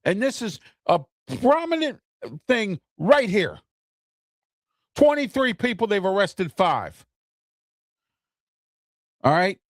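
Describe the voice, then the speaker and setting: A man's voice: high voice, big pitch swings, takes it slowly, pauses often, dry recording, clean studio sound. Fired-up man hosting an opinion show. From United States. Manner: heated, repetitive, keeps asking "okay?". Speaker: talk show host. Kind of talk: opinion talk show monologue.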